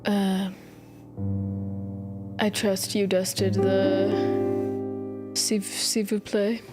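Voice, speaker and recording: A woman plays a wealthy hostess who throws lavish parties and loves stirring up mischief. She speaks slowly and grandly, laughing as she teases. Loud guitar music plays under the live stage recording. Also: medium pitch, level tone. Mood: teasing. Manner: laughs often, teasing and grand. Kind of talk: improvised comedy scene.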